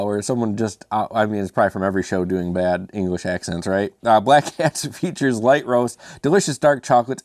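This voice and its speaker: A man's voice: medium pitch, a little mellow, dry recording, studio quality. A man hosting a casual beer review, chatty and self-mocking with rambling asides.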